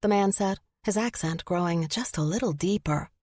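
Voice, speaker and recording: A woman narrating a first-person audiobook, expressive in the character's flustered lines. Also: fairly low pitch, moderate pace.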